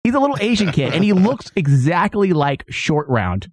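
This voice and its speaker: A man's voice: a little high, normal speed, dry recording. A man in his thirties hosting a podcast in casual comedic chat, joking and restarting his sentences. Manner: animated, joking, stumbling restarts. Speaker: podcast host.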